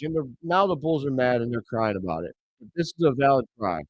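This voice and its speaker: A man hosting a live reaction stream, calling the action play by play and bursting into excited shouts on big plays. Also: medium pitch, brisk, few pauses, no room sound. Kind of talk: play-by-play commentary. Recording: dry, slightly dull home mic.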